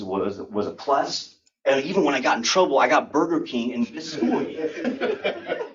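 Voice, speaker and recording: A young man giving a humorous personal story speech at a speaking club, animated and acting out the scenes. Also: mid-range voice. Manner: animated, acts out scenes and sound effects. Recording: dull lo-fi recording.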